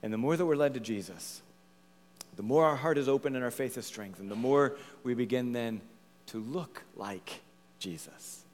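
A male pastor preaching a sermon, swinging from loud emphatic lines to hushed, almost whispered ones. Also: mid-range voice, a little fast, in a large hall.

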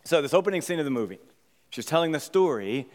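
A man's voice: fairly high pitch, fast talker, in a large hall. A man preaching a sermon, telling a story casually and adding "right?" to his points. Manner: conversational, animated storytelling with rhetorical "right?". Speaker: pastor. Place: church sanctuary.

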